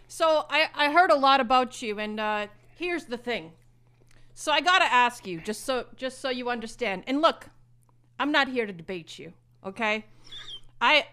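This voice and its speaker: A woman's voice: high-pitched, fairly bright tone. A woman doing a rambling, bragging male show host. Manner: rambling, repetitive, mock sponsor plugs. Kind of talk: comedic impression sketch.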